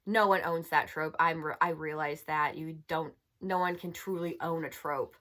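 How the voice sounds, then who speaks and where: A woman's voice: low-pitched, fairly even intonation, normal speed, a bit bright. A young woman chatting casually as a book reviewer, exasperated and full of filler words. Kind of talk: casual chat.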